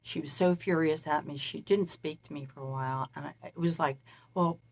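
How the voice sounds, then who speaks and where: Lady medium rambling thru a long story, kinda low voice, casual. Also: steady tone, a little fast, creaky, darkish tone. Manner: meandering, recounts events at length. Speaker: self-described spirit medium. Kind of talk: casual spoken monologue.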